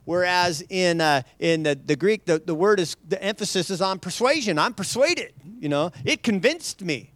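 A man's voice: high-pitched, lively intonation, moderate pace, hardly any pauses, fairly bright tone, no room sound. A man preaching a conversational sermon, loose and chatty, with frequent restarts and light laughs. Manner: loose, chatty delivery with many restarts and asides; laughs lightly between points.

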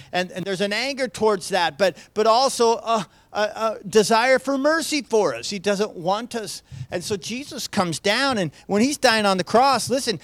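High-voiced man preaching earnestly. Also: fairly bright tone, no room sound. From United States. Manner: earnest, conversational preaching with frequent restarts and rhetorical questions. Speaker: pastor. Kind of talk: sermon.

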